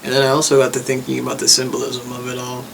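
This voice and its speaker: Brief: young male vlogger, gravelly and mid-pitched, easygoing rambling chat, faint noise behind. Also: very fast, poor audio. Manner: relaxed, rambling and reflective, with many likes and uhs. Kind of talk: casual vlog chat.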